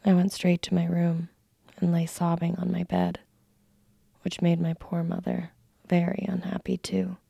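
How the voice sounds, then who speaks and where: A woman narrating a classic story in a soft, slow unvoiced whisper, a whispered role-play read close to the mic. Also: lowish voice, completely flat delivery, creaky, breathy edge, no echo.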